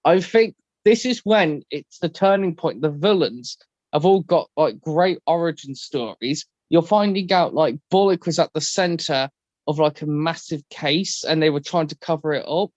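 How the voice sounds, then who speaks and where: A man with a slightly mellow voice speaks at a moderate pace as co-host of a casual podcast discussion. He rambles and acts out quotes in high voices, recorded with no echo and the highs cut off.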